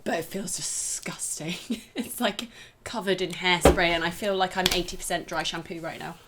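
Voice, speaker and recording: A woman's voice: fairly low pitch, steady tone, normal speed, background noise. A woman co-hosting a casual home podcast, giggling and teasing her partner as she talks, recorded in a hot upstairs home office. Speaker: co-host. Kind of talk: casual chat.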